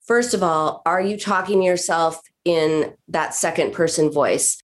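Low-voiced woman therapist explaining. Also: a little slow. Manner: explanatory, acts out patients' self-talk. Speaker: therapist guest. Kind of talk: podcast conversation.

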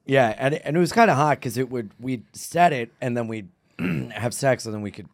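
Dude cohosting a comedy podcast, mid pitch, quick reactions and questions, dead dry mic. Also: male voice, no room sound. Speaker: podcast co-host. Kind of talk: casual comedic chat.

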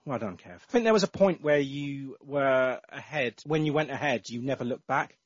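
Expressive and at a moderate pace, a mid-range male voice reads out listener entries on a casual football podcast he hosts, with many ums and uhs. There's no echo, though the lo-fi audio is slightly dull.

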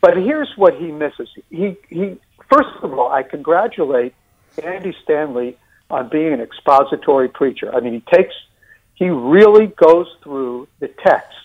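A man with a New York accent, discussing and critiquing a sermon series in a deliberate way with many fillers and restarts. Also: fairly high pitch, lively intonation, muffled recording.

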